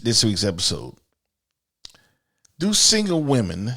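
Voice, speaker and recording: A man's voice: on the low side, big pitch swings, slow, vocal fry, long pauses. A man hosting a podcast in a casual monologue, blunt and profane, often repeating words as he starts a sentence. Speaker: podcast host.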